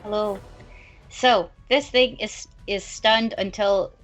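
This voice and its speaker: A woman at a tabletop game table talking through her turn in a mid-range voice. Her talk is casual and halting, full of ums, with the odd swear thrown in. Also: medium pitch, fairly even intonation, a bit bright, soft background music. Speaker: player.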